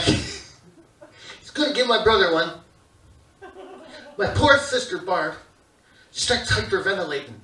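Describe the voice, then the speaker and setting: High-voiced guy doing standup in a theater, acting out family members, roomy far-off sound, crowd cracking up. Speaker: stand-up comedian. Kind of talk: stand-up comedy. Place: theater stage with live audience. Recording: echoey theater recording from a distance. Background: audience laughing.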